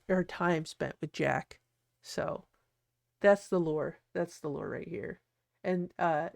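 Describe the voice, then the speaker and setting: A host rambles through a design session in a relaxed, gravelly voice, often cutting off mid-thought and laughing. The voice sits close to a desk mic in a dry room with no echo. Their pitch is middling. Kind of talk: casual commentary while designing.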